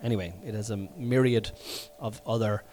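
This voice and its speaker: A middle-aged Irish man hosting a podcast from home while sick, coughing now and then, rambling and swearing, with sudden loud bursts. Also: lowish voice, fairly even intonation, normal speed, a little hiss or hum. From Ireland. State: sick with covid, congested and coughing. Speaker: podcast host. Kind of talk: casual solo podcast monologue.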